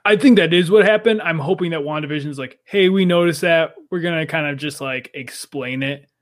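A man's voice: fairly high pitch, fairly quick. A man co-hosting a podcast in casual chat, speculating eagerly and jumping between ideas. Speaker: podcast co-host.

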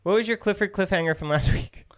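A man co-hosting a podcast, quick and playful in casual banter, laughing often. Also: sits high, a bit bright. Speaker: podcast co-host.

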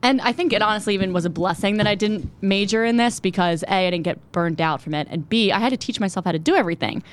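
A young woman in her twenties, a TV news reporter, telling her story quickly and animatedly as an interview guest. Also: mid-range voice. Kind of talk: conversational interview.

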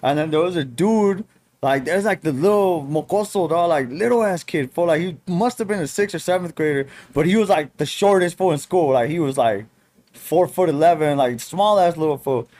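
A man's voice: a little high, moderate pace, darkish tone. A young man co-hosting a podcast, telling stories in casual slang with lots of fillers. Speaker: podcast co-host. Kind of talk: casual chat.

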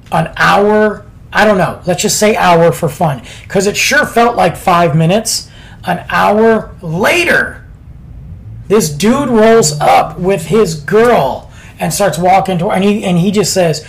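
A man's voice: high-pitched, slow pace, gravelly. A man casually telling a story on a podcast, laid-back and chatty with lots of slang.

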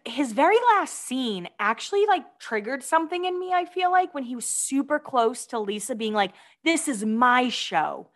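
A woman's voice: high-pitched, big pitch swings, normal speed, few pauses. A young adult woman co-hosting a casual podcast, chatty and giggly, reading out gossip items. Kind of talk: casual chat.

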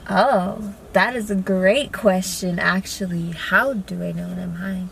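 A woman's voice: medium pitch, steady tone, measured pace, gravelly. Laid-back young woman host, casual car chat, faint hiss behind. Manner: laid-back, soft-spoken, giggly. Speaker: podcast host. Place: inside a parked car. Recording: faint background noise in a car.

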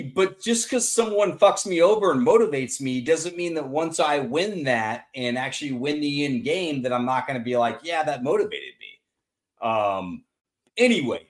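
A man co-hosting a sports podcast, joking and swearing in casual chat. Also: mid-range voice. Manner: animated, joking, profane. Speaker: podcast co-host.

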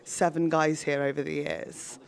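A woman in her thirties chatting casually as a comedian guest, telling excitable, giggly stories. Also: sits low, a little slow. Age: 30s. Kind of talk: casual chat.

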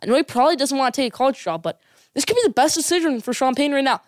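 A woman's voice: high-pitched, expressive, racing, no echo, clean studio sound. A woman giving opinionated college football commentary as a sports vlogger, emphatic and repeating her points for effect.

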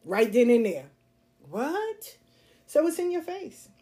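A woman's voice: high voice, big pitch swings, slow pace, mellow. A woman hosting a podcast monologue, speaking bluntly and emphatically, repeating her points and laughing often. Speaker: podcast host. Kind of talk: casual monologue.

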